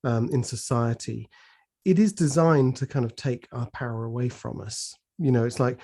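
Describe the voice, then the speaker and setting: A man's voice: medium pitch, moderate pace, warm tone. A man hosting an interview, asking thoughtful, rambling questions. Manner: thoughtful, many "you know" fillers while asking questions. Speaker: podcast host. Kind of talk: conversational interview.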